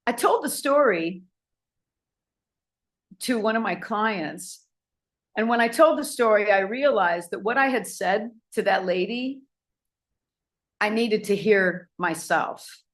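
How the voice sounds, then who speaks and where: A woman telling a personal anecdote to an audience, animated and acting out the people in it. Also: mid-range voice, slow pace, long pauses. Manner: animated, acts out voices in anecdotes. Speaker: speaker. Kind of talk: storytelling talk to an audience.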